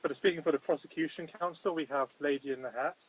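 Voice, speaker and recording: A man's voice: a little high, quick pace, highs cut off, a little hiss or hum. Man playing a bossy mock judge. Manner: mock-stern, bossy, dry. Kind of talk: comedic podcast chat.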